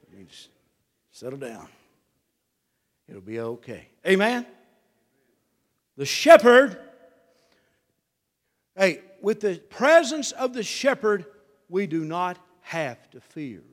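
A middle-aged man preaching a sermon, dropping to a hush and climbing to shouts in a folksy drawl. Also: high-pitched, very animated, slow, long pauses, big-room sound. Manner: swings from hushed to shouting, drawling folksy delivery. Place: church.

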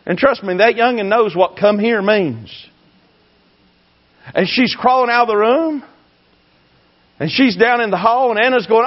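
Impassioned preacher, high-pitched. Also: male voice, moderate pace, lo-fi sound. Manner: impassioned, swings from shouting to hushed. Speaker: pastor. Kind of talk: fiery sermon.

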